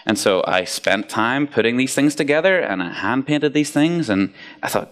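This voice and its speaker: An Irish man with a mid-range voice speaks at a normal speed, giving a casual, joking talk to a youth group. His storytelling is playful and lively, sprinkled with asides to the audience.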